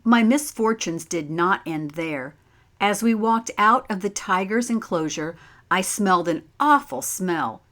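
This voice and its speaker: A woman reading a children's picture book aloud as a teacher, pausing to ask the listeners simple questions. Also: fairly low pitch, fairly bright tone. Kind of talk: slow read-aloud storytime with questions.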